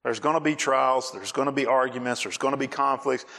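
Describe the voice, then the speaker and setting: Man, pastor, sermon, animated, mid-pitched voice. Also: fairly quick, gravelly. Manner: animated, acts out scenes and raises voice for emphasis.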